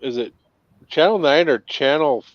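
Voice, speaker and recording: A man's voice: on the high side, a little slow, dry recording. A man from Minnesota with a Northern accent, chatting easily on a video call. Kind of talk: casual chat. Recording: dull dry video-call audio.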